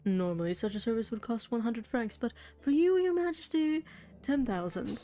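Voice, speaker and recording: Brief: sly fox lawyer, smooth and wheedling, mellow tone, faint music behind, played by a woman. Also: on the high side, lively intonation, moderate pace, close to an everyday voice. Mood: scheming. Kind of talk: game voice acting.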